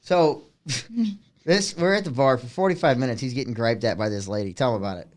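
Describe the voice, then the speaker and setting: A man in his twenties co-hosting a podcast, retelling a bar story in animated casual chat with frequent laughs. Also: medium pitch, brisk. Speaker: podcast co-host.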